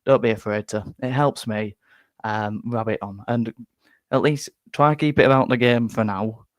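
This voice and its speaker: A man's voice: lowish voice, normal speed, no echo. A man hosting a football reaction live stream, rambling and self-deprecating with many restarts. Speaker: football fan channel host.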